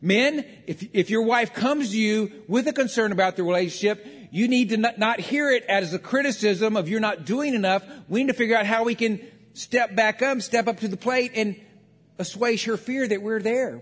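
A man with a high voice delivers a sermon in a church sanctuary, his words ringing with a long hall reverb. He preaches conversationally, slipping into acted-out quotes. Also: normal speed, fairly bright tone. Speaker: pastor. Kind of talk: sermon on marriage.

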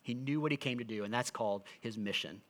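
A man's voice: medium pitch, fast talker, fairly bright tone. A middle-aged man, a pastor, giving an earnest, conversational sermon to a congregation. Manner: earnest, conversational preaching with frequent restarts.

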